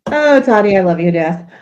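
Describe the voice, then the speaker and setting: A woman co-hosting a livestream, talkative and quick to laugh, often correcting herself mid-sentence. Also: medium pitch, a little mellow, dull audio. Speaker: livestream co-host. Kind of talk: casual livestream chat.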